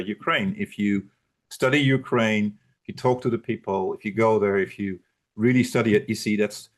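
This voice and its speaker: A man presenting and answering audience questions in an online talk, speaking haltingly with many fillers and restarts. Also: fairly low pitch.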